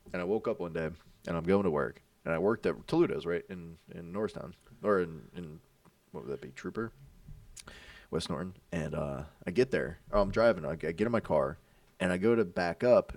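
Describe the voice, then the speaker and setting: A man's voice: low-pitched, lively intonation, quick pace, a little mellow, no echo. A young man, telling a story in casual chat with stammers and swearing. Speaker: friend in the chat. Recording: dry, a bit far from the mic.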